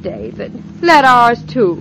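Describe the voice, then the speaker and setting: An actress voicing a lively, teasing young wife in an old radio drama. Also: female voice, a little high, slow, a little hiss or hum, exaggerated voice. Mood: playful. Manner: bright, teasing and eager. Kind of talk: 1940s radio acting. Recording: muffled old radio transcription.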